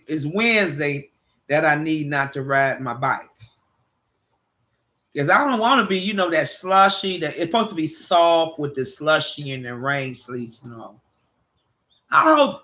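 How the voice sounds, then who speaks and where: A woman hosting a livestream, chatting casually with viewers and telling animated, profane stories. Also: lowish voice. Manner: addresses viewers by name. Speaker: livestream host.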